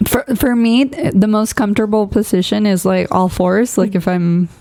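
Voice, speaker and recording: A woman's voice: mid-range voice, steady tone, normal speed, darkish tone, no room sound. A woman co-hosting a podcast, chatting casually and rambling with many fillers and restarts. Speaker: podcast co-host. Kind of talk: casual chat.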